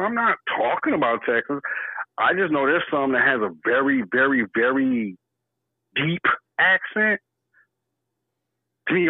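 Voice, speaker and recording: Animated man on a thin phone-like line. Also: on the high side, no echo. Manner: animated, exclaims and laughs often, swears casually. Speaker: podcast co-host. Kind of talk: casual chat. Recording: dry, phone-like thin sound.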